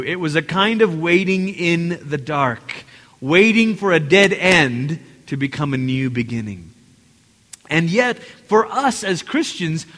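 Male pastor, high voice, lively preaching style, big reverberant church hall. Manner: animated, acts out quotes, addresses congregation directly. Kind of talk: sermon.

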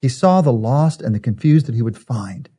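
A man's voice: mid-range voice, lively intonation, moderate pace, dark tone, husky. A man preaching a sermon in an earnest way, building his points through repetition. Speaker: pastor.

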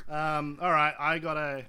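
A playful man, voice sitting a little high, jokes his way through a tabletop game. He talks casually and laughs easily between his moves. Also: bright, forceful tone, smooth. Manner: giggly, playful. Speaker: player.

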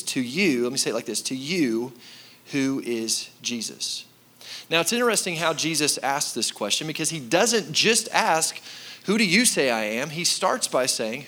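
A man delivering a sermon from the pulpit, his voice bright and forceful. He speaks emphatically, turns straight to the congregation, and repeats his main points for weight. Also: a little high. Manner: emphatic, repeats key lines, addresses the congregation directly. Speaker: pastor.

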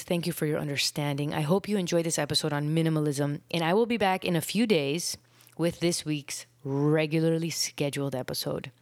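A young adult woman hosting her own podcast, a little out of breath, talking in an earnest, reflective way, with phrases trailing off into soft breathy whispers. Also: deep voice, no room sound. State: out of breath after illness. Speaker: podcast host. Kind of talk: casual solo podcast talk.

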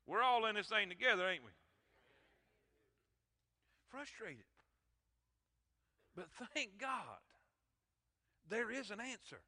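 A man's voice: high voice, very animated, slow pace, pauses often, sharp tone. A man preaching a sermon, emphatic and calling out to his congregation. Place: church sanctuary. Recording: long hall reverb in church.

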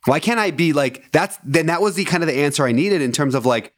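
A man in his thirties talks quickly and eagerly as a podcast host, with a casual, self-deprecating manner. His voice sits in a middle pitch and is recorded dry and close, with no room sound. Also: lively intonation, no echo. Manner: fast, chatty, self-deprecating. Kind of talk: casual interview conversation.

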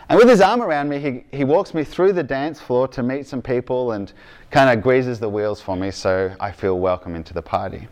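Man, Australian accent, grew up in Argentina, preacher, mid-pitched voice, relaxed sermon with stories, tags like okay and right. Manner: conversational, checks in with "okay?" and "right?". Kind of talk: sermon with personal story.

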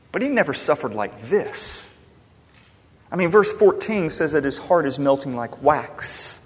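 Male pastor, sermon, slightly high voice, long hall reverb, dramatic loud-to-soft swings. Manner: impassioned preaching, swings from loud emphasis to hushed.

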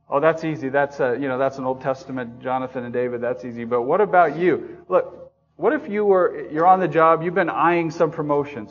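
Conversational male preacher, dull recording. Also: medium pitch. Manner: conversational, asking the congregation questions; self-deprecating humor. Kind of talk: sermon. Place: church meeting room.

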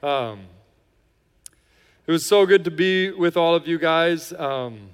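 Smooth-voiced pastor in reverberant hall. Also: male voice, on the high side, animated, takes it slowly. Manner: joking, chatty, many fillers. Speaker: lead pastor. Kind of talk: casual sermon intro and worship lead. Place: large church hall.

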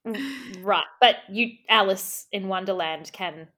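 A woman in a comedy chat, talking in a mock-earnest, rambling way. Her pitch sits in an ordinary middle range. She restarts her sentences over and over. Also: animated, a little slow, fairly bright tone. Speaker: comedic interviewer in character.

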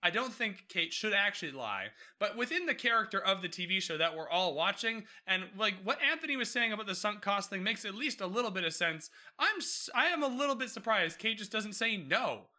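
A man hosts a casual podcast recap of a TV episode. His voice sits high and sounds very bright and forceful, with a lively, swooping pitch. He swears freely and slips into the characters' lines as he talks. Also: fairly quick, few pauses. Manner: animated, swearing, acting out characters. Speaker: podcast host.

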